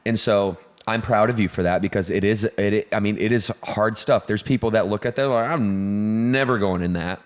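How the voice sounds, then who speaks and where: A man's voice: lowish voice, fairly even intonation, fairly quick, hardly any pauses. A man co-hosting a casual fitness talk show, telling a story with lots of fillers and restarts. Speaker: co-founder and co-host. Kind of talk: casual podcast chat.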